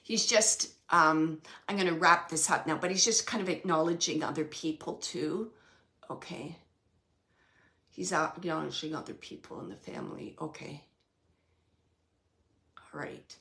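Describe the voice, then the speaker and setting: A woman giving a spirit reading as a medium, rambling and halting with many fillers and frequent laughs. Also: deep voice, sharp tone.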